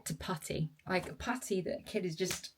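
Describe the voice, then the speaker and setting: A young woman talking casually to camera in a vlog, rambling and self-critical, tired and low, often sighing. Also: moderate pace, slight background noise. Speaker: vlogger.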